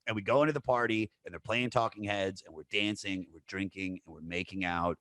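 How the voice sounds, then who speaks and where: A man in his thirties hosting a podcast, telling a crude, animated story full of fillers. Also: low voice, a little fast, few pauses, no room sound, clean studio sound. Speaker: podcast host. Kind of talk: casual storytelling chat.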